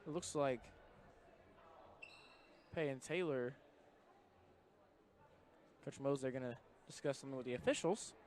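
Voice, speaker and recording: A young man giving brisk, conversational play-by-play commentary of a live volleyball match from inside a college gym. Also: medium pitch, a little mellow. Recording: noisy gym broadcast audio. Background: gym noise with bouncing balls.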